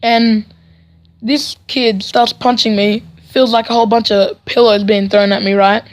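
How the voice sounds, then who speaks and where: A teenage boy rambles through a vlog story with sarcastic asides. His voice sits fairly high. He keeps checking in with "right?" as he goes. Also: flat delivery, a little slow. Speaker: vlogger.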